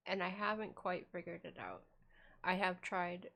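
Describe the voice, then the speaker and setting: A woman's voice: on the low side, fairly even intonation, moderate pace, vocal fry. A woman co-hosting a casual chat show, upbeat and reading out chat comments. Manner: warm-hearted, upbeat, reads chat comments. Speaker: podcast co-host.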